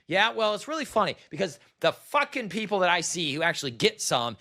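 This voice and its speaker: High-pitched and very animated, this thirtysomething vlogger races through a rant with barely a pause in a sharp tone. He vents to camera bitterly and with exasperation, full of profanity and repetition.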